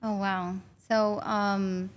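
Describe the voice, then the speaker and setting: A woman's voice: medium pitch, very slow. A woman guest candidly telling her personal story in an interview. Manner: warm, candid, animated when recalling. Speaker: guest, bereaved mother.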